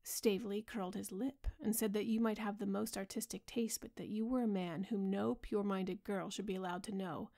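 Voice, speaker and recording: A woman voicing a grave, earnest male painter in a soft bedtime audiobook reading. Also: mid-range voice, fairly even intonation, fairly quick, creaky, hardly any pauses, lightly acted. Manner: earnest, pleading, softly spoken.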